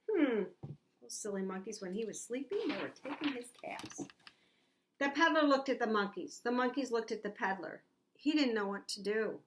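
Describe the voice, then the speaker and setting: A woman teacher reading a picture book aloud to young children, animated and asking them questions. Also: on the high side. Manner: animated, asks the listener questions. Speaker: preschool teacher.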